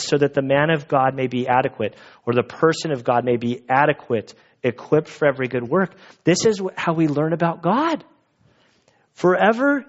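A pastor preaching an earnest, conversational sermon to his church congregation. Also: on the high side. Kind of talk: expository sermon. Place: church sanctuary. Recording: dull lo-fi recording.

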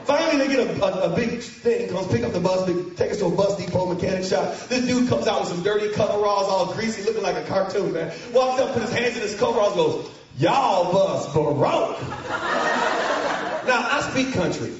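A man telling a funny story to an audience of students, animated and mocking, shouting for effect. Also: high-pitched, fast talker, few pauses, background noise. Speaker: speaker to students. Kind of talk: comic storytelling to a live audience. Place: large hall with an audience. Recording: echoey hall from far off, muffled, crowd.

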